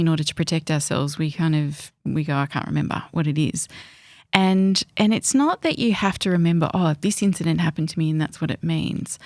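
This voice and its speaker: A woman's voice: deep voice, dry recording, studio quality. A middle-aged woman, a parenting expert retelling conversations as a reflective storyteller on a podcast. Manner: warm, reflective storyteller who acts out remembered dialogue.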